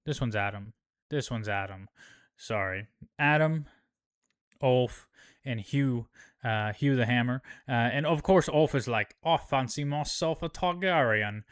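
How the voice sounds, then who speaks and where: A man's voice: mid-range voice, a little slow, long pauses, dry recording, clean studio sound. A man casually recapping a TV episode, slangy and profane, rambling with lots of fillers. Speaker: show host.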